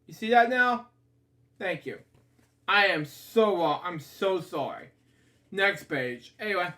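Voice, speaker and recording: A man reads a children's picture book aloud in a casual, unpolished way. He stumbles over words and keeps stopping to comment and apologize to his listeners. His voice sits high and his pace is slow and unhurried. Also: lively intonation, bright, forceful tone. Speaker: storybook reader.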